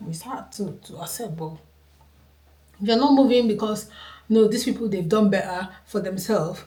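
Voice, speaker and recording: A woman's voice: medium pitch, moderate pace, warm tone. Earnest Nigerian woman in a roomy space. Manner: earnest and emphatic, repeats points for stress. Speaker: vlogger. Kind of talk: casual opinion talk to camera. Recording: roomy echo.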